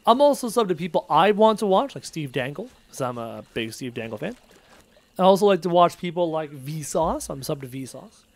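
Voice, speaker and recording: Guy streaming a survival game, voice jumps all over, kinda high, reading chat and goofing around. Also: moderate pace. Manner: animated, jokey, reads out chat messages. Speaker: gaming livestreamer. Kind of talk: casual livestream chat while playing.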